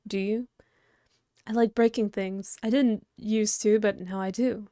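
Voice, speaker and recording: A woman's voice: mid-range voice, fairly even intonation, measured pace, warm tone, no room sound, clean studio sound, close to an everyday voice. A woman voicing a prim, snobbish and very strong male troll aristocrat, haughty and formal, reading a webcomic aloud. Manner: haughty, fussy, formal wording.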